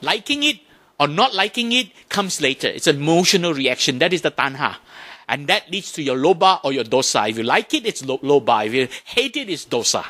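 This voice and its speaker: A man giving a Buddhist dharma talk to an audience, animated, often asking questions and imitating sounds to make his points. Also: on the high side, a little fast. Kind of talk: lively talk to a temple audience.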